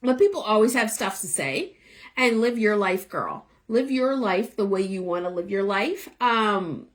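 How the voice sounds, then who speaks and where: A woman's voice: mid-range voice, animated, a little slow. A young woman, who is losing her voice, gives chatty, encouraging tarot readings live into a phone above her eye level. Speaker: tarot reader. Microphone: phone held above eye level.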